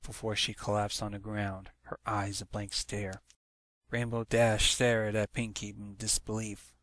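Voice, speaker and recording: Bright-voiced man reading a story aloud. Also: measured pace, no room sound. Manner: lively, leaps up in pitch on the intro. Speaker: fan fiction reader. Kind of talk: read-aloud story narration.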